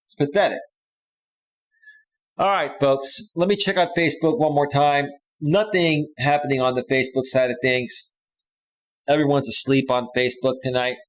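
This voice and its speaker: A man's voice: medium pitch, poor audio. A man hosting a live stream, reading viewer comments aloud and answering them bluntly and dismissively. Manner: blunt and dismissive, with frequent restarts.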